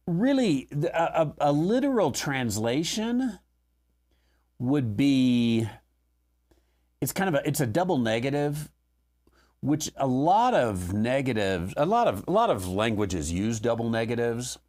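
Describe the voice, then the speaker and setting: A man's voice: medium pitch, sing-song, slow pace, long pauses, a little mellow. A man hosting a theology question show, working through scripture and thinking aloud as he explains. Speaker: host answering theology questions. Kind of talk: unscripted Bible teaching.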